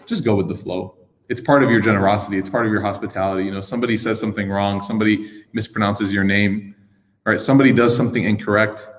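A man, preaching in a casual, animated storytelling style full of slang. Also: fairly low pitch. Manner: animated, slangy, acts out quoted voices. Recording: echoey hall with long reverb.

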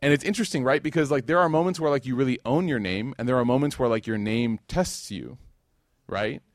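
This US religious speaker has a medium-pitched voice and a brisk delivery. His talk is casual and funny, full of lively stories in which he acts out each line of dialogue; the recording is dry and studio quality.

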